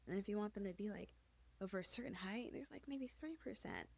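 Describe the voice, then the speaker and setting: A woman's voice: medium pitch, fast talker, gravelly, a little mellow, breathy edge. A woman in casual podcast chat, frank and opinionated, filling her talk with "like". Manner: opinionated, frank, heavy use of "like".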